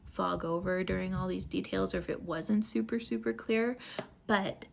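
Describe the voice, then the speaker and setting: A woman's voice: mid-range voice, normal speed, gravelly, slight background noise. A woman casually recapping a novel for her book club, chatty and rambling with asides.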